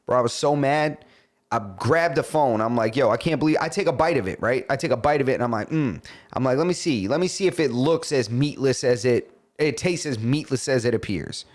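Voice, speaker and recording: A man's voice: mid-range voice, brisk. A man co-hosting a podcast, telling a story in casual chat, swearing and acting out the other people's lines. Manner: animated, swearing, acts out dialogue. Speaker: podcast co-host.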